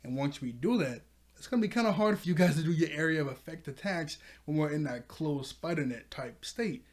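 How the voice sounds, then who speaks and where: A man's voice: a little high, lively intonation, a little fast. A man casually recapping an anime episode, rambling with lots of fillers and frequent chuckles. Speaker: anime reviewer.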